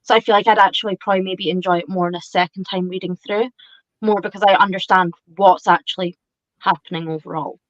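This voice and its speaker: A woman's voice: mid-range voice, fairly even intonation, fast, no room sound. A woman with a Scottish accent chatting casually, rambling with lots of fillers. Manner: rambling, hedging with fillers, giggly. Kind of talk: casual chat. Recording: dry, muffled lo-fi audio.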